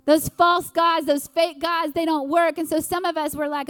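High-voiced woman preaching a sermon. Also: level tone, a bit bright, dry recording. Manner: earnest, preaching with dramatic pauses and acted quotes.

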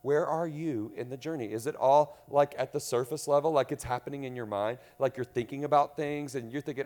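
A man preaching a sermon to a congregation, swinging from loud emphasis to hushed tones and asking the room questions. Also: medium pitch, brisk, few pauses. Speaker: pastor.

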